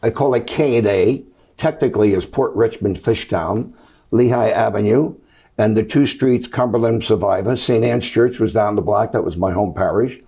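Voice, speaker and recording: A man's voice: fairly low pitch, normal speed, mellow, husky. An older man from Philadelphia with a Pennsylvania accent, a retired priest telling rambling, jovial stories as a talk-show guest. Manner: jovial, rambling storyteller with radio flair.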